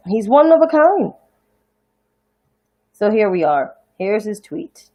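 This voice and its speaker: A woman's voice: medium pitch, sing-song, slow pace, pauses often, dark tone. A woman from Harlem with a New York accent, hosting a casual livestream commentary show. She rants bluntly and profanely. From New York City (Harlem). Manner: blunt, profane, indignant ranting.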